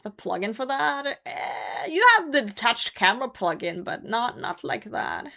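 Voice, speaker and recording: A Norwegian woman streams a game and chats casually in English, her second language, swearing freely as she answers her chat. Her voice is fairly high, animated, pushed and bright, with vocal fry and a measured pace.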